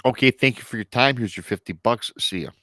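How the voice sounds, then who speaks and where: A man in his thirties, a podcast guest, telling a personal paranormal story in a casual, animated way and acting out the people he quotes. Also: mid-range voice, fast, slight background noise. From Michigan.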